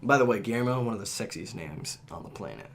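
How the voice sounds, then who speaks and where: A man co-hosting a casual podcast, excitable and rambling, laughing often. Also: lowish voice, fast. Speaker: podcast co-host. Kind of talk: casual chat.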